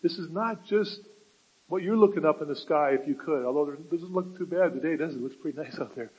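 A man's voice: fairly high pitch, fairly quick, a little mellow, breathy edge, low-quality recording. A man preaching a sermon as pastor, earnest, repeating words and asking rhetorical questions.

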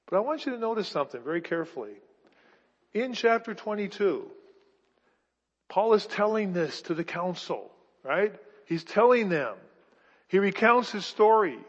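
A man preaching a sermon with emphatic bursts and rhetorical questions, his voice going hoarse. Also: high voice. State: losing his voice. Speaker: pastor. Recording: dull sound with long hall reverb.

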